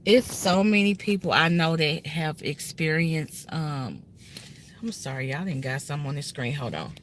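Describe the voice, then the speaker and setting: A woman's voice: deep voice, lively intonation, moderate pace, a bit bright, a little hiss or hum. A woman in her thirties tells a personal story in a car, speaking earnestly and emotionally and often turning straight to her viewers. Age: 30s. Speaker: vlogger telling a personal story. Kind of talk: casual heartfelt story time. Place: inside a car.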